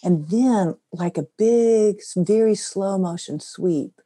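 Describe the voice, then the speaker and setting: A middle-aged woman sharing a personal faith story in conversation, earnest and soft-spoken. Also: medium pitch, takes it slowly, hardly any pauses. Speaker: guest.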